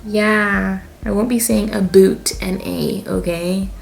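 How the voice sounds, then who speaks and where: A woman's voice: medium pitch, fairly even intonation, takes it slowly, vocal fry, slight background noise. A young woman in her twenties from Canada with a Canadian accent, chatting casually as she tells a storytime in her vlog. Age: 20s. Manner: chatty, lots of fillers and laughs. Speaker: vlogger.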